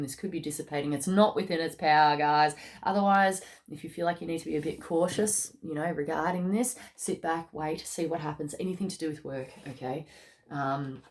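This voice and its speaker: A woman with a lowish voice talks her way through a casual tarot reading, keeping it loose and conversational. She checks in with "okay?" and "mate" at the end of lines. She sometimes rises into excited bursts. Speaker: tarot card reader.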